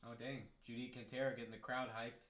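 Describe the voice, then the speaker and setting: A man's voice: medium pitch, level tone, quick pace, fairly bright tone. Casual man commentating in an echoey room. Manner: chatty, jokey, reads chat aloud. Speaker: live-stream host. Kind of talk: casual live-stream commentary. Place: home room.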